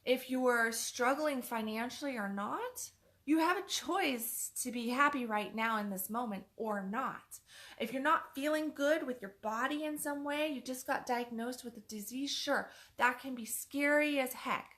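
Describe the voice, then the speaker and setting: Woman coach talking motivation, higher voice, says things twice to hammer them home. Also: unhurried, fairly bright tone. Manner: emphatic, repeats points for stress; chatty, acts out other people's words. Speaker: life coach. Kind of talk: motivational morning talk.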